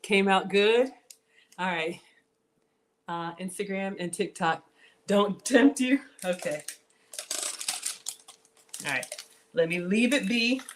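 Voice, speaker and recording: A woman's voice: medium pitch, slow pace, long pauses, slight background noise. A woman hosting a live cooking stream from her home kitchen, chatting straight to her viewers and reading out their comments. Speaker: cooking channel host.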